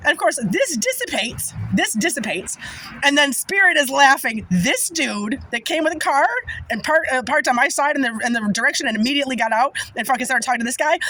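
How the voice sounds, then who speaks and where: A woman's voice: sits high, lively intonation, brisk, fairly bright tone, slight background noise, low-quality recording. A woman telling a personal story in casual monologue, agitated and emphatic, swearing often.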